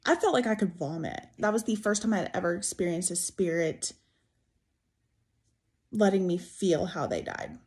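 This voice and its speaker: A young woman earnestly narrating a ghost story as a storytime, chatty and full of fillers. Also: lowish voice. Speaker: storyteller in a played clip.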